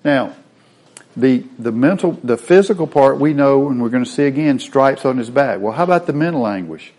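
A man's voice: mid-range voice, expressive, normal speed, darkish tone. A man teaching a Bible lesson in a sermon style, explaining word meanings step by step.

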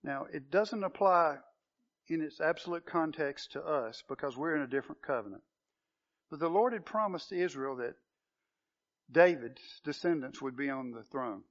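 A man's voice: on the high side, lively intonation, normal speed. A man preaching a sermon to a congregation, earnest and questioning, building to emphatic proclamation. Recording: dull lo-fi sound.

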